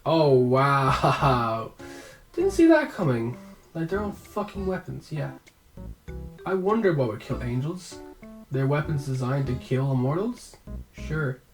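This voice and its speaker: Man, casual reviewer, swears a lot, excitable outbursts, very echoey room, distant mic. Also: on the high side, unhurried, long pauses. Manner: profane, excitable, blurts out outbursts. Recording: echoey room, far from mic, music behind.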